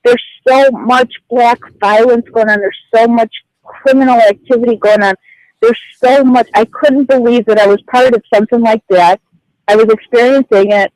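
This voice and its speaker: A woman's voice: a little high, steady tone, moderate pace, darkish tone, dry recording, rough recording. Flustered woman calling in. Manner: flustered, rambling with fillers. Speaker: caller. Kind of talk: telling a personal story on air. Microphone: phone call.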